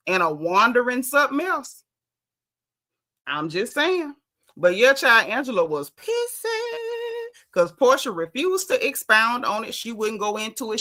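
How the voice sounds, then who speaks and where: Woman, sassy casual recap host, bright forceful voice, animated. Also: fairly high pitch. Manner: sassy, animated, mimics cast members' quotes. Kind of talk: casual reality TV recap chat.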